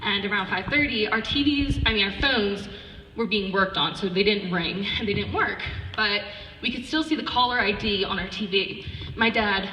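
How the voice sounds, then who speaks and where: A woman's voice: mid-range voice, moderate pace, bright, forceful tone, echoey room, long reverb tail, recorded from a distance, a little hiss or hum, rough recording. A teenage girl giving a casual personal speech at a charity event, chatty and full of "like", acting out quotes as she goes. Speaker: student speaker at a charity event.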